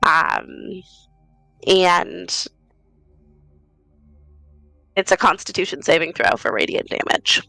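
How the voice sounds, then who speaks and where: A woman's voice: lowish voice, a little slow, creaky, pushed and bright, no echo, rough recording. A woman playing a tabletop game who describes her character's actions in a hesitant, thoughtful way, with faint music behind. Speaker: player. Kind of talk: tabletop roleplay narration.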